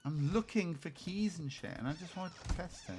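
A young man streams a co-op horror game, his voice leaping around in pitch. He swears freely and yells at sudden frights. There is a faint hiss behind him. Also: expressive, moderate pace. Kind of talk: excited co-op game chat.

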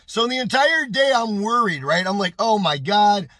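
Male vlogger with a high voice and a dry, close sound, telling a story in a casual, animated way. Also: moderate pace, no room sound. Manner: animated, exclaiming, repeating phrases. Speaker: YouTube storyteller.

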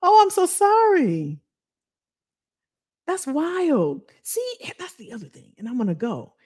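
A woman's voice: high voice, huge pitch swings, slow pace, a little mellow. A woman career coach chatting casually with viewers on a livestream, laughing often and calling them y'all.

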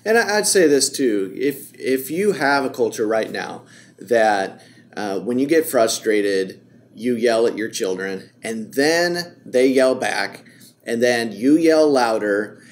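A man co-hosting a faith and parenting podcast, talking in a lively, casual way and laughing easily. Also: medium pitch, a little hiss or hum. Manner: energetic, quick to laugh.

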